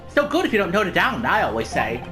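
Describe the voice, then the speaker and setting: A woman's voice: lowish voice, huge pitch swings, quick pace, music in the background, pitched above the performer's own voice. Woman doing a chirpy young newsboy reporter. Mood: eager. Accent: slight put-on British.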